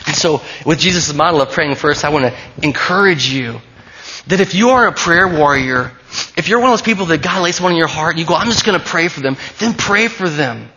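A man's voice: fairly high pitch, animated, a little fast, sharp tone, muffled recording. A man preaching a sermon as pastor, earnest and emphatic, often repeating key phrases.

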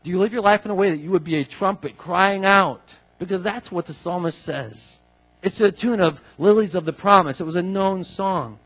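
A man, a pastor, preaching a conversational sermon, asking his listeners questions and building to emphatic, drawn-out declarations. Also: sits high, a bit bright, soft background music, low-quality recording. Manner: conversational, asks the congregation questions.

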